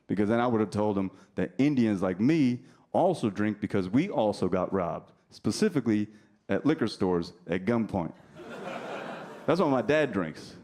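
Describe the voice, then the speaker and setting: A male comedian from New Jersey performing stand-up, teasing the crowd in a deadpan way while telling stories. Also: on the low side. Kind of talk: stand-up routine with crowd work. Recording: live club recording with audience noise. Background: audience laughter.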